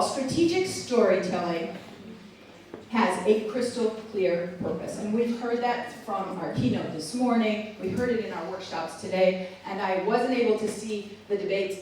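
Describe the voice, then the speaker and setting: A woman gives a live keynote speech in a large hall with an audience, animated and playful, chatting with the room and often asking it questions. Her voice is medium in pitch at a moderate pace. The recording is echoey with the mic far off and slight background noise.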